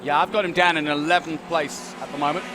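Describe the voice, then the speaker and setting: A man's voice: a little high, fairly even intonation, quick pace. A man working as race co-commentator, upbeat and bantering with his partner. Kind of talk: live motorsport commentary. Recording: noisy trackside with engine sound.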